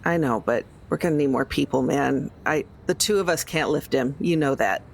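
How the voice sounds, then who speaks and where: A man's voice: medium pitch, moderate pace, gravelly. A man playing a tabletop game, talking tersely in character in the first person. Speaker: player.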